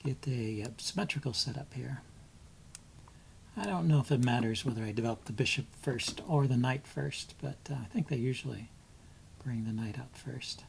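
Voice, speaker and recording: A man commentates his own blitz chess game on his channel, his voice gravelly with a rough, creaky edge. He thinks aloud hesitantly, full of ums, and drops to a mutter as he weighs each move. A faint noise sits under the recording. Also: mid-range voice, moderate pace, darkish tone.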